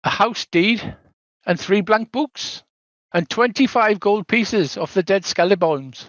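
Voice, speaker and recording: An older man acts as game master for a tabletop game, narrating scenes at length and sometimes dropping in "so there is." His voice is high-pitched, slow and fairly bright, with no echo, and the recording sounds dull, lo-fi and dry.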